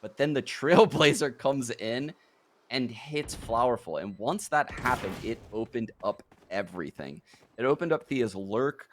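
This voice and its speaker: A young man giving colour commentary on an esports match, excitable and quick to laugh. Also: medium pitch, slight background noise. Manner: excitable, animated, laughing easily. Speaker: esports analyst caster.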